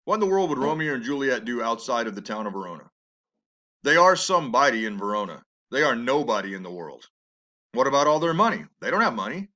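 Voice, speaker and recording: A man's voice: mid-range voice, sing-song, fast talker, bright, forceful tone, highs cut off. A man teaching a play, reading it aloud and commenting in an emphatic, conversational way with rhetorical questions.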